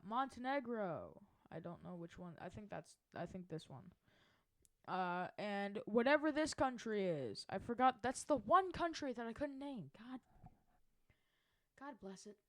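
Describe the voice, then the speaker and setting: A woman casually narrating a mapping video from her chair at home, rambling and correcting herself as she goes. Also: on the high side. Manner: rambling, self-correcting, chatty. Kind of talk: casual narration over a map.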